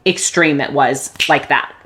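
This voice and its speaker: A woman's voice: very deep voice, unhurried, a little hiss or hum. Woman telling a raw personal story. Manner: vulnerable, emotional, with restarts and soft laughs. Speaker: podcast host.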